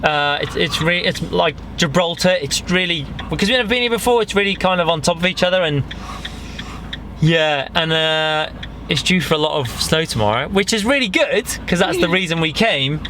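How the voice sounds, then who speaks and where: A man's voice: fairly high pitch, expressive, normal speed, bright, forceful tone. A British man talking casually in a travel vlog, jokey and rambling with restarts, recorded outdoors and in a van in the mountains. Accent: British English. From United Kingdom. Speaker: vlogger. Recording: noisy outdoor camera audio.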